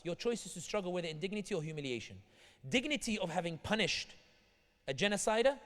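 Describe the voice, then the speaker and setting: British-accented man, from Tunisia, rapid and animated delivery, higher-pitched voice, long hall reverb, acts out characters in his anecdotes. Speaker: guest speaker. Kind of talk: community talk with humorous anecdotes. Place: large hall at an Islamic center.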